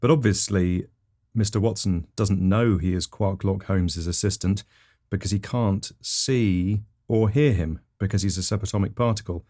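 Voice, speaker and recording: Low-voiced man telling absurd stories deadpan. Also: moderate pace. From England. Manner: rambling, matter-of-fact delivery with self-corrections. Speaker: comedy podcast host.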